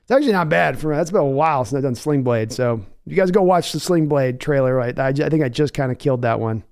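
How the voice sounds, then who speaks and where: A man's voice: medium pitch, fast, dry recording, studio quality. A man hosting a live sports reaction stream, chatting casually and reading viewer messages aloud. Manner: chatty, excitable, reads chat aloud.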